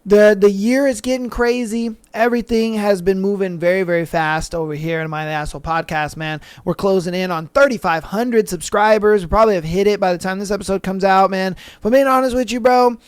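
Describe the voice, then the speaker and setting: A man's voice: high voice, steady tone, brisk, few pauses, clean tone, dry recording. A podcast host chatting casually and reading online threads, slangy and laid-back, calling listeners bro and man.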